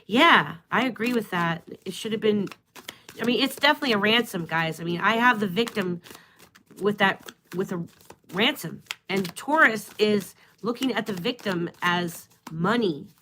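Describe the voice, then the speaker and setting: A woman's voice: mid-range voice, moderate pace, background noise. A woman giving a live-stream tarot reading, musing aloud and trailing off as she asks the cards questions. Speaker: tarot and astrology reader.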